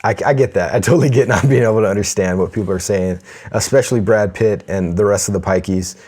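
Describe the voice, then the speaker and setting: A man with a very low voice co-hosts a podcast in relaxed movie-review chat. He steers the conversation through the grades and trips over his words now and then, backing up to restart. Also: quick pace, slightly rough. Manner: leads the grading, stumbles and restarts phrases. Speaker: podcast co-host.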